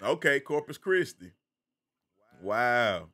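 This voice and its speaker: A man with a Southern American accent hosts a relaxed live stream, greeting viewers by name in a loose, chatty way. His voice is bright and forward, pitched in an ordinary middle range. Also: takes it slowly. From American South, the Carolinas. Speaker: game streamer.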